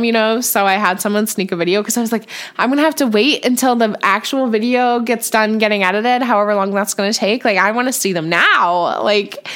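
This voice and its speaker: A woman's voice: mid-range voice, fairly bright tone. A young woman hosting a podcast in casual chat, gushing and chatty, with lots of "like" fillers. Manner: chatty, gushing, says "like" often. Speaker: podcast host.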